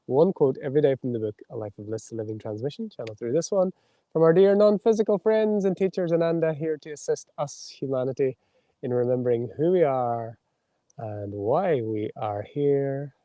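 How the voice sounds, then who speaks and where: A man with a very deep, mellow tone leads a meditative spiritual livestream, moving between flowing chanted syllables and slow, soft channeled readings. He speaks into a mic held close to his mouth in a windy outdoor spot. The sound is dry and close, with no room around it. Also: lively intonation, no echo, lo-fi sound. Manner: chants flowing invented-sounding syllables, then reads slowly and softly.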